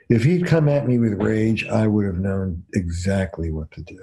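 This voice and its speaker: A man's voice: on the low side, normal speed, few pauses. A man, a couples therapist, telling stories emphatically as a guest on a podcast interview. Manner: emphatic, animated storyteller.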